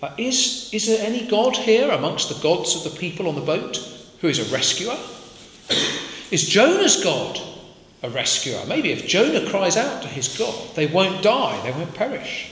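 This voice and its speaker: In a church hall, a man with a high, sing-song, somewhat bright voice preaches to a congregation at an unhurried pace, speaking conversationally and asking his listeners questions. The hall is echoey, with faint ambience and a little hiss or hum.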